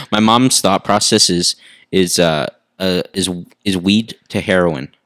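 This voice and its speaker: A man's voice: deep voice, animated, slow pace, fairly bright tone, dry recording. Young man, podcast guest, casual chat, joking, laughs often. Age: young adult. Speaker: podcast guest, coaching client.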